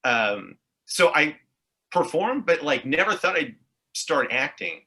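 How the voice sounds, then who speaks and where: A man's voice: on the high side, sing-song, takes it slowly, pushed and bright. A man from Montreal with an English Canadian accent, telling tangential stories in a casual podcast chat with frequent swearing. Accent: English Canadian (Montreal Anglophone). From Montreal, Quebec. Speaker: guest, actor and improviser.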